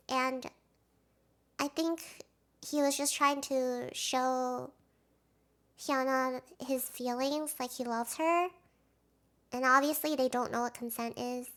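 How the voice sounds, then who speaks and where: A young woman doing casual video commentary as a fan, rambling and emotional, swinging between hushed talk and excited outbursts. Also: sits high. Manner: rambling, with fillers and restarts.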